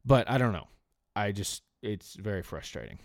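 A man co-hosting a podcast in casual sports chat, dropping to low mumbles and then rising into excited outbursts. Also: moderate pace, gravelly, dry recording, clean studio sound. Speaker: podcast co-host.

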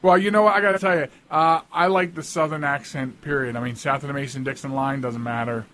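A man's voice: a little high, steady tone, fast talker, fairly bright tone. A man hosting a radio talk show, chatting casually and rambling with lots of restarts and asides.

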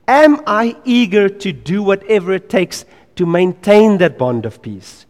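A man preaching a sermon in an earnest, emphatic way. He repeats key phrases and drops to quiet asides. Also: high-pitched, lively intonation, a little slow, in a large hall.

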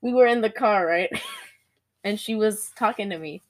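A young woman chatting casually, recapping a movie in quick, giggly bursts with lots of laughter. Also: medium pitch, slight background noise. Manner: giggly, rapid-fire, animated storytelling.

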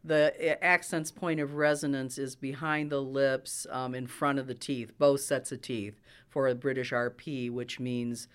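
Smooth-voiced man, an accent coach. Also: medium pitch, little pitch movement, a little slow, hardly any pauses. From United States. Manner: explanatory, enthusiastic about accents. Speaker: actor and dialect coach. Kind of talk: interview answers.

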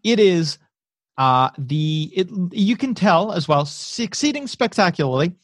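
A man narrating as game master in a relaxed, descriptive way with halting restarts. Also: sits high, no room sound, clean studio sound.

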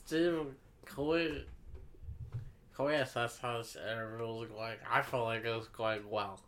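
Deadpan man asking absurd questions. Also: medium pitch, unhurried, slight background noise. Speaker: comedic co-interviewer. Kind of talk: absurdist comedic banter.

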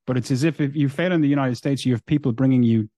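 A man's voice: mid-range voice, fast talker, mellow, no room sound, clean studio sound. A man hosting a podcast interview, pressing his guest and summing up his point. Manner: probing, sums up the guest's point. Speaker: podcast host. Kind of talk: interview questions.

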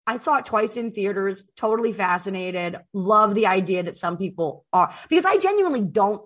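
Woman podcast host chatting, rambly, full of "like", swears a lot, pitch jumps around. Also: normal speed. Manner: animated storyteller, swears freely, lots of "like". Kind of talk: casual chat.

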